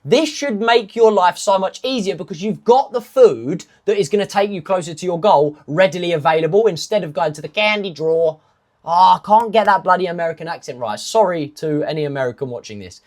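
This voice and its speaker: A man's voice: high voice, lively intonation, fairly quick, few pauses, a little mellow. A man, a fitness coach, talking casually through nutrition rules in step-by-step lists, with self-mocking asides. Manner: emphatic, stepwise lists of rules. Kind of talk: casual instructional talk.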